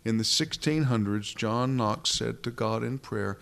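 A man preaching a sermon with a gravelly edge to his voice. He speaks earnestly and with emphasis, pressing his points home with rhetorical questions as he reads through scripture. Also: on the low side, measured pace, hardly any pauses, a bit bright.

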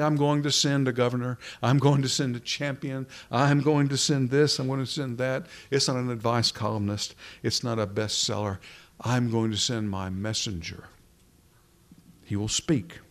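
A man preaching from a pulpit microphone in a sermon. His delivery is dramatic, slowing down on key words and sinking to a hush for emphasis. His voice sits at an ordinary middle pitch for a man. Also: fairly even intonation. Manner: dramatic preaching, slows down for emphasis, drops to a whisper at times.

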